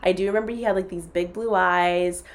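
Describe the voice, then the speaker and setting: A woman's voice: on the low side, fairly quick. Young woman telling a story animatedly. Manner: animated, quotes people in dialogue, bursts of laughter. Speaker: podcast host telling a story. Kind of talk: casual storytelling chat.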